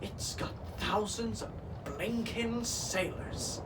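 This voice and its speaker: A man's voice: sits high, animated, slow, fairly bright tone, a little hiss or hum, exaggerated voice. A man voicing a panicky male pirate parrot that screeches its warnings in frantic cries. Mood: squawking alarm. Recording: voice from some distance off.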